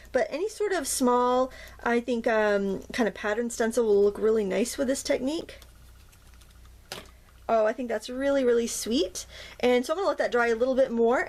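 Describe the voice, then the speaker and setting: A woman with a slightly high voice talks through a stamping demonstration at her desk. Her delivery is chatty and gentle. She gushes warmly whenever a piece turns out cute. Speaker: craft tutorial host. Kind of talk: casual step-by-step demonstration.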